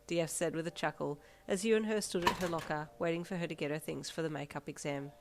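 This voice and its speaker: A woman reading a second-person fanfiction story aloud in steady, plain narration. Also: sits low, quick pace, hardly any pauses.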